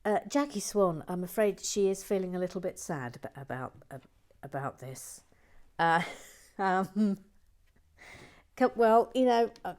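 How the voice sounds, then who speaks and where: A woman hosting a brick-building livestream in whispered chat. She shifts from soft whispers to playful, excited asides. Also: mid-range voice, takes it slowly, pauses often.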